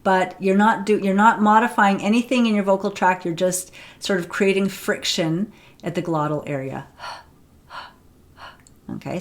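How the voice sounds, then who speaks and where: A woman teaching pronunciation on camera, explaining sounds and demonstrating them, often checking with "right?". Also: lowish voice.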